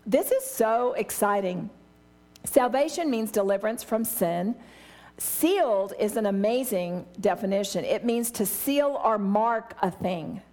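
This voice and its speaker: A woman's voice: medium pitch, darkish tone. A middle-aged woman teaching a Bible study with eager enthusiasm, acting out small scenes as she explains. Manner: enthusiastic, exclamatory; acts out little scenes with voices.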